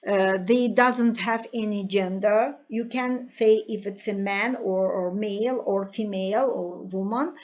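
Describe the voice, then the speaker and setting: A woman teaches from a textbook, explaining grammar and vocabulary. She speaks very slowly and deliberately, pausing often, at a middle pitch. The recording sounds dull and lo-fi. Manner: slow, careful explaining with frequent pauses. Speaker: English teacher.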